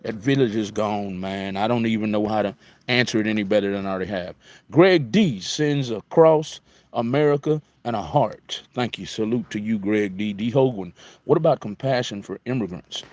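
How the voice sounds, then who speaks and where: A man's voice: on the low side, animated, moderate pace, no echo. A middle-aged man hosting a casual live talk, answering comments in an emphatic, repetitive, preachy way, with a mix of city and country speech. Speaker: radio host answering viewer comments.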